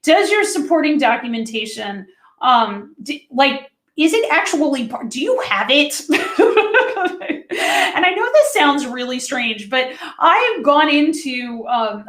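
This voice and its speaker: A woman's voice: high voice, fairly bright tone, roomy sound. A woman, a food safety consultant, giving a conversational training webinar and speaking directly to her listeners. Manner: chatty and direct, talks to listeners as friends.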